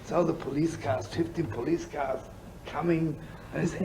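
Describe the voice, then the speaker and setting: Gravelly rabbi telling stories, loud hiss. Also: male voice, on the high side, moderate pace, few pauses. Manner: rambling and playful, with asides, laughs and Yiddish words. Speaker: rabbi and storyteller. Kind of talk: storytelling sermon to a live audience. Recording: old live recording with loud hiss.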